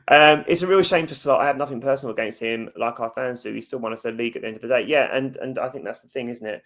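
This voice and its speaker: A man's voice: medium pitch, a little fast, fairly bright tone. A man hosting a fan livestream, chatting casually and jokingly, answering viewers' comments. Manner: chatty, jokey, talks straight to viewers. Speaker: fan channel host.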